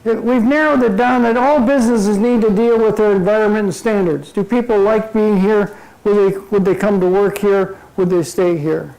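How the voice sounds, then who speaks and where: An older man gives a humorous motivational talk at a club meeting, delivering his jokes deadpan. His voice sits high and has a gravelly edge. The audience laughs behind him. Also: moderate pace, few pauses, poor audio. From Minnesota. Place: meeting room before a live audience.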